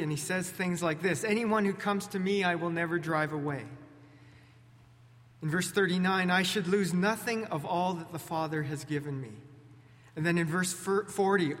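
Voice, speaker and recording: A male pastor delivers a sermon into a pulpit microphone, sounding relaxed and conversational and slipping in small jokes and restarts. His voice sits a little high for a man. A long reverb from the large church sanctuary trails each phrase.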